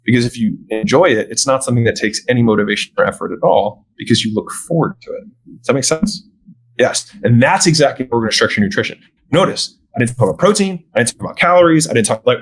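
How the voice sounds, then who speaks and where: A man as a podcast guest, explaining how he sells fitness programs in casual conversation and often checking in with a quick "right?". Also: medium pitch, lively intonation, breathy edge, poor audio. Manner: acts out sales dialogue, often tags "right?". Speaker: podcast guest, gym business owner.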